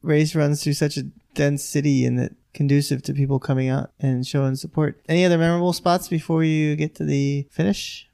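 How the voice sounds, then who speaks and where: A man's voice: fairly high pitch, flat delivery, brisk, gravelly, few pauses, warm tone. A man co-hosting a podcast who teases his co-host and laughs along while asking follow-up questions. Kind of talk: casual chat.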